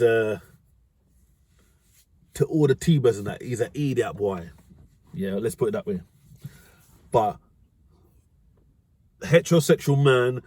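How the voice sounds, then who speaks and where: A man's voice: mid-range voice, a little mellow, dry recording. Slangy man, dry close sound. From United Kingdom. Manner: rambling, slangy, often corrects himself. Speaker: dating advice vlogger. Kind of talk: casual storytelling monologue.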